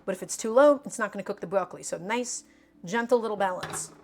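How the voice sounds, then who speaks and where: A woman's voice: medium pitch, fast. A woman chatting casually through a live cooking stream, emphatic and talking to her viewers as friends.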